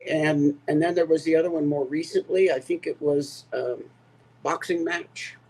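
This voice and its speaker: A man co-hosting a casual political chat, speaking haltingly with lots of fillers. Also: a little high, fairly even intonation, darkish tone, rough recording. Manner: halting, slow, full of fillers.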